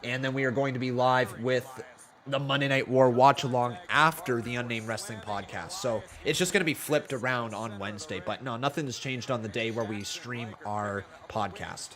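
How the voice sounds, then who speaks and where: Man, stream host, casual live commentary, chatty and excitable, self-mocking, average pitch. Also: normal speed.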